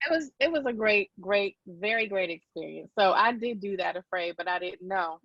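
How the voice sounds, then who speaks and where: A woman co-hosting a podcast, telling stories in an animated, laughing casual chat. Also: medium pitch, moderate pace, no room sound, lo-fi sound. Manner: animated storytelling with frequent laughs. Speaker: podcast co-host.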